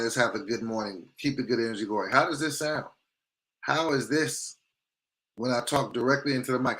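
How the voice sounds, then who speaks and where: A man's voice: medium pitch, fairly bright tone. Casual man hosting a morning livestream. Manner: greets chat viewers by name, checks his mic sound. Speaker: live morning show host. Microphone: desk microphone, sometimes held.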